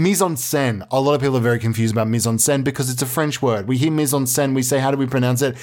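A man doing a deadpan, rambling comedy monologue full of absurd made-up explanations. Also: on the high side.

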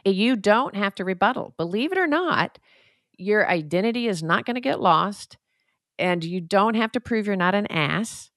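A woman's voice: medium pitch, lively intonation, moderate pace, fairly bright tone, no room sound, clean studio sound. A woman therapist co-hosting a podcast, explaining in an earnest, reflective, conversational way. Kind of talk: casual conversational advice.

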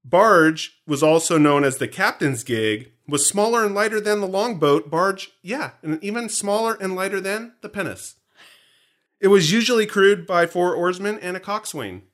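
Bright-voiced male co-host, playful movie-trivia banter. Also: sits high, normal speed. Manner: joking, animated, teasing. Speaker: podcast co-host. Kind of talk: casual movie commentary chat.

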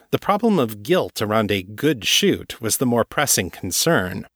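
A man narrating a novel in a measured, steady reading voice. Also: mid-range voice, no echo, studio quality. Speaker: audiobook narrator. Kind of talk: scripted narration.

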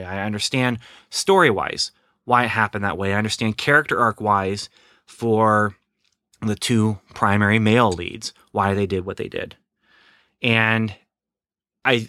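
A man's voice: on the low side, normal speed, pushed and bright, no room sound, studio quality. A middle-aged man giving a rambling, sarcastic casual film review. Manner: rambling, sarcastic, lots of fillers and restarts.

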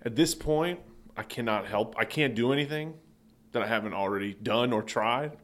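A man co-hosting a comedy sports podcast, telling rambling stories in an animated way that often breaks into laughter. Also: mid-range voice, moderate pace. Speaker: podcast co-host. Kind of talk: casual comedic sports chat.

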